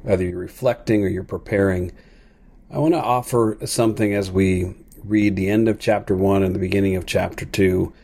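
In an unhurried, steady tone, this podcast host delivers a thoughtful devotional reflection. His low voice is warm with a slight huskiness, and his manner is earnest.

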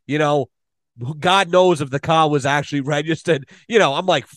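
A man telling a long story on a podcast, animated and full of swearing. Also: on the high side, normal speed, dry recording. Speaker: podcast guest. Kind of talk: casual storytelling.

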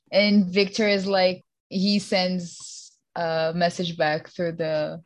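A woman's voice: on the low side, completely flat delivery, slow pace. A woman player in a tabletop game, talking in a laid-back way.

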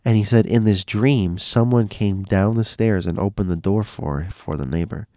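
Low-voiced man, rambling storyteller. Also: normal speed, warm tone, no room sound, studio quality. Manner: rambling, repeats and restarts phrases. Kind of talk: casual spoken storytelling.

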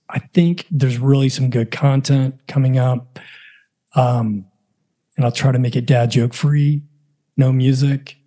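A middle-aged man talks through his podcast from home in a loose, rambling way. He jokes at his own expense as he goes. His voice sits dark and mellow. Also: medium pitch, husky. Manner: self-deprecating, joking, rambling. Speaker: podcast host. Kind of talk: casual solo podcast talk.

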